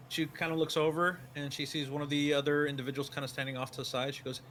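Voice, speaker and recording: A man's voice: on the high side, flat delivery, fast, few pauses, a bit bright, slight background noise. A man narrating as game master, describing the scene in second person with many fillers.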